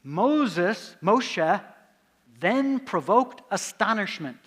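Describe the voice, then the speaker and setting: High-voiced man lecturing in a reverberant hall. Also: sing-song, very slow, fairly bright tone. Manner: asks the audience quiz questions and answers them himself. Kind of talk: conference lecture with audience questions.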